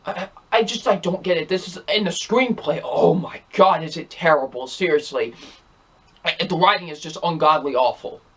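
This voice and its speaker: Exasperated high-voiced young man. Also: normal speed, fairly bright tone. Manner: exasperated, rambling, repeats himself. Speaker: movie reviewer. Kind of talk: casual ranking video.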